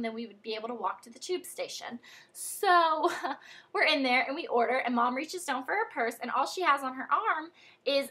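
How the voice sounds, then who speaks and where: A young American woman tells a childhood story straight to camera, chatty and animated, with lots of "like" and "um". Her voice sits high and bright, with a soft breathy edge. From United States. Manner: chatty and animated, many fillers like "like" and "um". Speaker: vlogger. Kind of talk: casual storytelling vlog.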